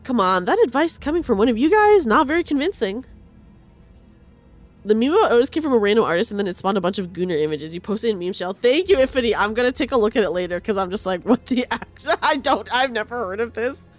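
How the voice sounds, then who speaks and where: Brief: lively chatty young woman streamer, animated pitch, soft game music underneath. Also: fast. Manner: chatty, giggly, reads game lines aloud. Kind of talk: live game stream commentary.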